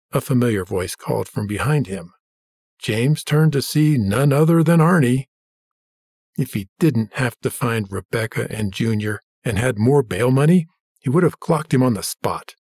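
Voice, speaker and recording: A man narrates a story at an even, measured pace. His voice has a husky edge, and the recording is dry and close with no room sound. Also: mid-range voice, dry recording. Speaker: audiobook narrator. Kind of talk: scripted narration.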